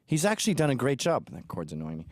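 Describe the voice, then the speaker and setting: A man's voice: medium pitch, wildly swooping pitch, fast talker, no echo, studio quality. A man from England hosting a commentary show, reacting to video clips in a crude, sarcastic and mocking way. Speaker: host.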